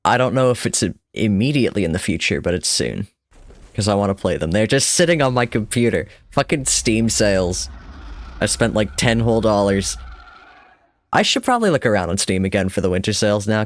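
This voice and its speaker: A man's voice: fairly low pitch, lively intonation, brisk. A man streaming a game with casual, chatty commentary, wry and self-deprecating, swearing now and then.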